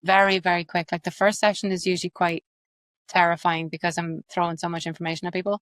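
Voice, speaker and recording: A woman's voice: on the low side, no room sound. Irish woman coaching accents, dry sound. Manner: fast, animated, explains with examples. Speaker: accent coach and actress, guest. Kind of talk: explanatory interview talk.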